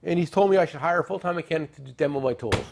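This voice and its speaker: A middle-aged man with a gravelly, slightly raised voice hosts a casual tool-sales show. He rambles, cracks jokes and slips in sales pitches. A faint hiss of noise sits under the recording. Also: very fast. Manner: joking, rambling, salesy with asides. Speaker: tool dealer and show host. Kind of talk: casual product talk and storytelling.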